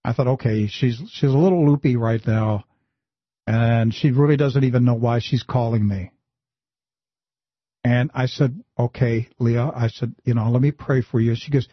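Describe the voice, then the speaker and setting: A man hosting a Christian talk show, telling a story in an animated way and often pushing his voice up high for emphasis. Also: moderate pace, dry recording, lo-fi sound. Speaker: host.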